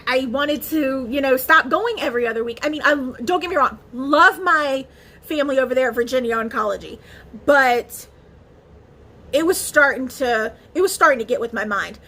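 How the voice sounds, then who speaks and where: A woman's voice: high-pitched, fairly bright tone. A woman vlogger talking casually to camera in a chatty, emotional way, with many fillers and restarts. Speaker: beauty vlogger.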